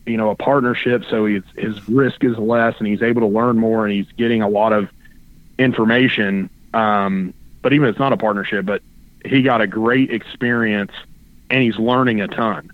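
A man with a low voice talks over a tinny phone line. He gives earnest, halting advice as a guest on a casual interview. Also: fairly even intonation. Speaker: phone-in guest, racing stable owner.

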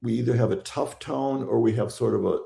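Gravelly-voiced man telling stories. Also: mid-range voice, a little fast, dark tone, echoey room. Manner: storytelling with quoted dialogue. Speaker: therapist and author. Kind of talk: casual conversation.

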